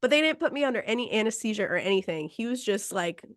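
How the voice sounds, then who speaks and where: A woman's voice: mid-range voice, animated, quick pace, dry recording, clean studio sound. A woman podcast host casually telling a story, acting out quotes and laughing between lines.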